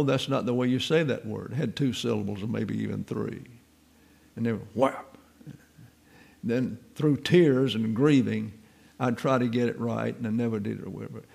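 A man teaches the Bible in a relaxed, folksy way, mixing in wry stories from his own life. His voice is gravelly and sits at an ordinary mid pitch. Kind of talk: informal Bible teaching with personal anecdotes.

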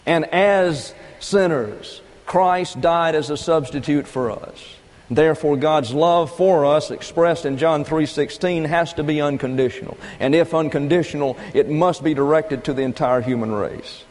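A man preaching a doctrinal sermon, teaching in a measured, methodical way and repeating key phrases. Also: fairly high pitch, darkish tone. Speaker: pastor. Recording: long reverb of a large hall.

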